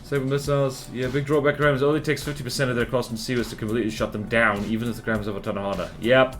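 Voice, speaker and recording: A man's voice: medium pitch, flat delivery, fast, fairly bright tone. Rambling male game streamer, faint music. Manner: rambling, filler-heavy, self-deprecating. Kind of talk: casual live-stream chat while building in a game. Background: faint music and keyboard typing.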